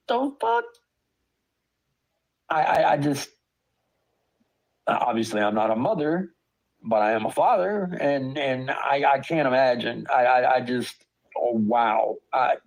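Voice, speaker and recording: A man's voice: mid-range voice, gravelly, poor audio. Indignant man ranting with heavy swearing. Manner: indignant, swears heavily, stammers and restarts. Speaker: streamer. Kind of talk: casual profane rant.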